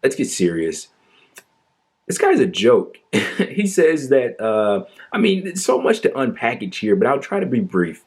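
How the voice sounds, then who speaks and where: A man's voice: lowish voice, huge pitch swings, normal speed, darkish tone, slightly rough. A man giving sarcastic, argumentative political commentary, mocking and incredulous. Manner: mocking, exaggerated fake sorrow and sighs.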